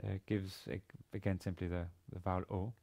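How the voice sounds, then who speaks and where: A man lecturing on a language lesson, speaking haltingly with many fillers and restarts. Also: deep voice, level tone, gravelly, mellow. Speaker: university lecturer.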